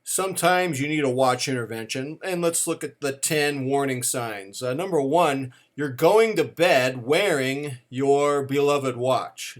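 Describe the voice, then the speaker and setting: A middle-aged man giving a comic countdown to camera in a playful, mock-serious way. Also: mid-range voice. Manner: playful, mock-serious, acts out quoted dialogue. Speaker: watch vlogger.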